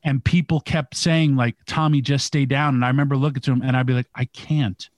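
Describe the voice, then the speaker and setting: A man's voice: medium pitch, steady tone, a little fast, no room sound. Man telling a vivid story. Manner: vivid storyteller, filler "like" and "literally". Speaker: podcast co-host telling a story. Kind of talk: casual storytelling.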